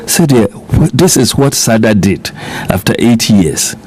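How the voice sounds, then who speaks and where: A man's voice: lowish voice, big pitch swings, unhurried, a little mellow, a little hiss or hum. A middle-aged man with a Ghanaian accent, speaking as a politician guest in a radio interview, emphatic and repeating his points while mixing in Twi.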